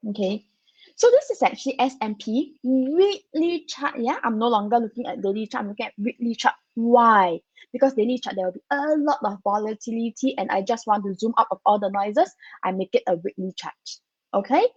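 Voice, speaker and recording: A woman's voice: fairly high pitch, animated, brisk, darkish tone, slightly rough, no echo, highs cut off. A slightly groggy woman co-hosting a live stock-market stream, chatting casually and tagging her sentences with "right?". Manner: chatty, tags sentences with "right?", many fillers.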